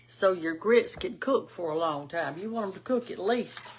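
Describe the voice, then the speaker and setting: A woman's voice: on the low side, lively intonation, normal speed, background noise. An older woman with a Southern US accent, chatting folksily while cooking in her kitchen as host of a cooking show. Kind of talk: casual cooking chat. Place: home kitchen.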